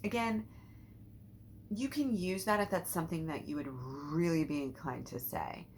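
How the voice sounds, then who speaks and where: Low-voiced lady coaching mindset stuff, rambly and casual, lots of you-knows, bit of hiss behind. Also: expressive, normal speed, a little mellow. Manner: chatty, rambling, many fillers and restarts. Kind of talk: casual guided teaching talk.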